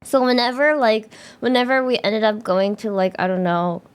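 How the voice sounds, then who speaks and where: A woman's voice: on the high side, normal speed, clear, resonant tone. A young woman VTuber telling a story to her chat in a casual, rambling way, laughing often and full of fillers. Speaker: VTuber streamer.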